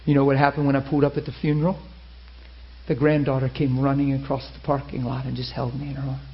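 A man preaching a sermon, telling a story with lively acted-out quotes. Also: medium pitch, fast talker. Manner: animated, acts out quoted voices. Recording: muffled lo-fi sermon recording.

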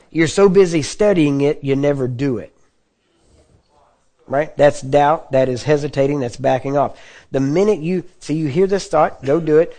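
A man delivering a sermon in an easygoing, conversational way, often asking his listeners whether they follow. His voice sits a touch high for a man yet sounds mellow and dark. He clears his throat now and then between points. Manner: conversational teaching with frequent check-ins to the audience. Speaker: preacher.

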